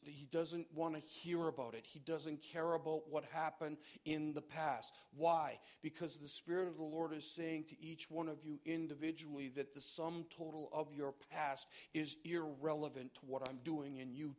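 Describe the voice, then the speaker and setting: High-voiced forceful male preacher. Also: little pitch movement, normal speed, few pauses. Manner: forceful, exhorting, reads scripture aloud. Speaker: pastor. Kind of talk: sermon.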